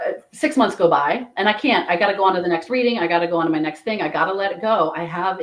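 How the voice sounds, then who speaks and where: A woman's voice: on the low side, low-quality recording. A woman who reads Akashic Records, telling a story in a casual, chatty way with many restarts. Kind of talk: casual storytelling in a podcast chat.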